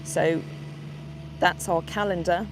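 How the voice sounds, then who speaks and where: A woman's voice: fairly low pitch, fairly even intonation, takes it slowly. Chatty woman live-streaming on horseback. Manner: chatty, greets viewers by name. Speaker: horse sanctuary host. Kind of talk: live-stream chat while riding. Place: outdoors on horseback at a farm. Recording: outdoor noise with passing vehicles.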